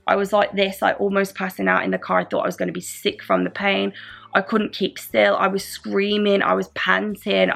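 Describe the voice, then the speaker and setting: A woman's voice: mid-range voice, vocal fry, fairly bright tone, breathy edge. A woman chatting casually to camera from her bed, retelling events and quoting what everyone said. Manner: chatty, recounts events with lots of quoted back-and-forth. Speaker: vlogger. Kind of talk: casual storytime vlog. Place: lying in bed at home.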